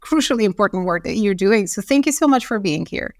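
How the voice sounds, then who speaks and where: A woman's voice: medium pitch, lively intonation, a little fast, gravelly, darkish tone. A woman hosting a podcast interview, asking questions in a hesitant way with fillers. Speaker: podcast host.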